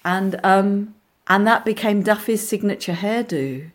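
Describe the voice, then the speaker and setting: An actress telling lively anecdotes in a casual interview, with frequent restarts and asides. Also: female voice, medium pitch, unhurried. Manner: animated storyteller, many restarts, acts out voices. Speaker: actress guest.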